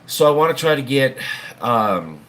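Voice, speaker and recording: A man hosting a livestream chats casually in a rambling, folksy way, swearing now and then. His medium-pitched voice swings widely in pitch at normal speed with a fairly bright tone, over slight background noise.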